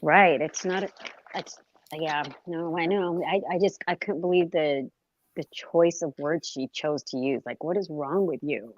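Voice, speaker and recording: A woman's voice: deep voice, a little slow, dry recording, muffled recording. A woman co-hosting a casual livestream chat, blunt and indignant, swearing freely. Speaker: livestream co-host.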